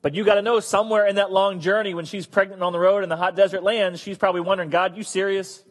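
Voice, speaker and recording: A man's voice: sits high, steady tone, racing, long reverb tail. A man preaching a sermon in a conversational, joking way. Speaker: pastor.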